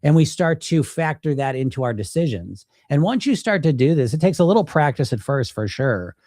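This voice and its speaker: A man coaching on weight loss, talking straight to the viewer, blunt and animated, with casual swearing, acting out people's inner self-talk in quoted voices. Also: a little high, a little fast, no echo, studio quality. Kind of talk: direct-to-camera coaching talk.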